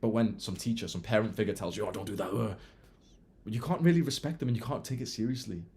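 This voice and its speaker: A young man giving a casual self-improvement monologue, blunt and animated, swearing freely. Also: on the low side, quick pace.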